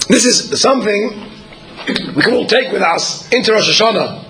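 A man with a very high, bright voice delivers an earnest sermon. He speaks in measured phrases with frequent pauses. Now and then he clears his throat. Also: lively intonation, rough recording.

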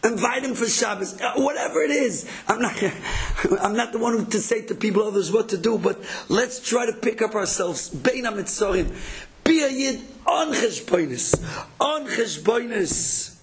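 High-voiced man telling stories in a Torah talk. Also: normal speed. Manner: animated, acts out quoted voices, repeats words. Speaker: inspirational speaker.

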